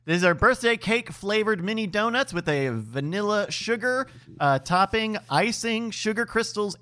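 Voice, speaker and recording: Bright, lively-voiced game host man. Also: high voice. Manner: upbeat, announcing rounds and scores. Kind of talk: hosting a comedy podcast game.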